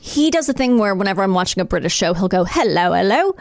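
A woman's voice: medium pitch, very fast, no room sound, clean studio sound. A middle-aged woman co-hosting a podcast, chatting casually and laughing often as she tells stories. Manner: giggly, animated storyteller. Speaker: podcast co-host. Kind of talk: casual chat.

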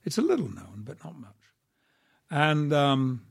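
An older man, an actor who is a guest on a podcast, telling stories in a measured, wry way. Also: fairly high pitch, huge pitch swings, creaky, slightly rough. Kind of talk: casual podcast interview.

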